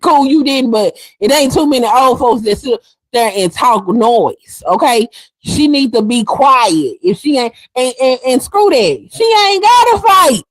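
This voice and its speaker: A woman's voice: a little high, lively intonation, a little slow, no room sound, rough recording. A woman hosting a livestream, delivering heated commentary in a fiery, sassy, emphatic way and repeating her points for effect. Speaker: livestream host.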